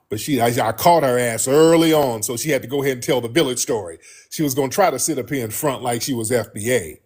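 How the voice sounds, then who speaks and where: A man holds forth as a show host. His voice sits at an ordinary middle pitch. He speaks bluntly and with animation, circling back over the same points. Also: husky. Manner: animated, blunt, repeats himself. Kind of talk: casual monologue to listeners.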